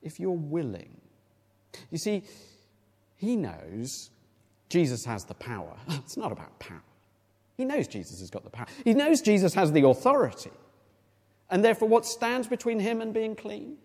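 A male preacher with a high, animated voice that climbs and drops freely, walking through scripture in a chatty, questioning way. His words ring out with a long reverb, as in a large church hall. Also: a little fast. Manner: conversational Bible exposition with rhetorical questions. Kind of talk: sermon.

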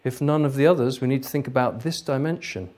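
A man giving an interactive workshop lecture, explaining ideas in a lively way. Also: mid-range voice, fast. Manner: lively, explanatory, laughs easily. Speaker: lecturer, trainer.

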